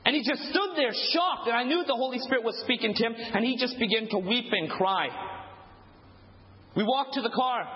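A man preaching a sermon, telling stories and acting out the dialogue with animation. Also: high-pitched. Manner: animated storytelling, acts out dialogue. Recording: echoey hall, dull lo-fi sound.

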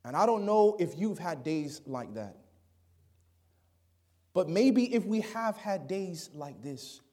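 A man preaching a sermon, reading scripture aloud and asking the congregation questions, often dropping to a hushed, near-whispered voice for emphasis. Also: sits high, big pitch swings, slow pace.

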